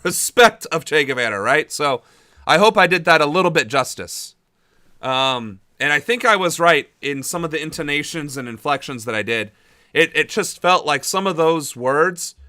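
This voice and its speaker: A man's voice: mid-range voice, sharp tone, clear, resonant tone, no echo, clean studio sound. A young man hosting a political livestream, chatting casually and rambling with lots of fillers. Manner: chatty, rambling, laughs easily, many fillers. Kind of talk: casual live-stream chat reading chat messages.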